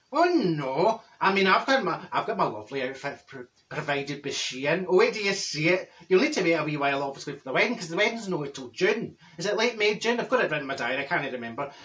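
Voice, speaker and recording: A man's voice: sits high, bright, forceful tone, far from the mic. A man playing a gossipy Glaswegian woman. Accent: Glaswegian Scottish. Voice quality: rambling, gossipy, full of asides and restarts. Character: chatty Glaswegian middle-aged woman gossip. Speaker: comedy character vlogger. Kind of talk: comic character monologue.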